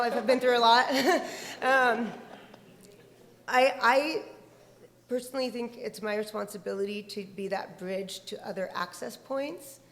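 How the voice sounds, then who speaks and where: A middle-aged woman, a self-described community elder, giving an earnest, reflective talk with frequent fillers. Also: on the high side. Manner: earnest, warm-hearted, loose with fillers. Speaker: community elder speaking on a panel. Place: large hall at a community gathering. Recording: long hall reverb.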